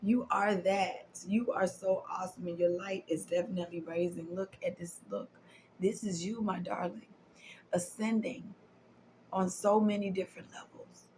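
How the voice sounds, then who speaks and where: A woman's voice: fairly low pitch, fairly even intonation, normal speed, darkish tone, a little hiss or hum, rough recording. Emotional woman giving a spiritual card reading. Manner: affirming, repetitive, emotional, drops to whispers. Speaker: tarot and oracle card reader.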